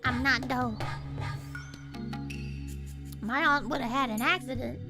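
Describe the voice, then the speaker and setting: A woman's voice: high voice, slow pace, music in the background. A woman streamer reading a visual novel aloud and chatting in a giggly, playful way. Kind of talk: casual game-reading stream.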